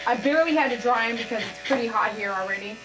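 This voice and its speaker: A woman's voice: on the high side, fast, over music, rough recording. A woman dog groomer talking casually and with feeling while she works, often saying "man". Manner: emotional, heartfelt, says "man" often. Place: grooming salon.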